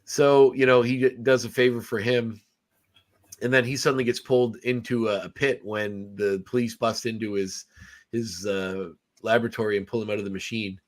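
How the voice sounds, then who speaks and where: Podcast host, man, low voice, easygoing rambling plot recap, lots of ums. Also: level tone, normal speed. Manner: rambling recap with many fillers and restarts. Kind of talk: casual movie review chat.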